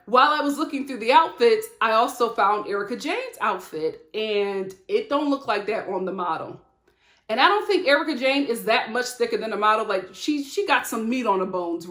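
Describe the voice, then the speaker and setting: A woman reviewing a reality show episode in a sassy, animated chat, throwing in mock quotes and quick asides. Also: fairly high pitch, reverberant. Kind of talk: casual reality show recap. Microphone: studio-lit webcam setup.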